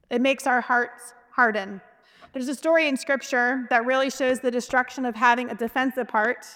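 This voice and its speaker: Bright high-voiced woman giving a faith talk. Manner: chatty, personal storytelling. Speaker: speaker at a women's event. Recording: reverberant hall.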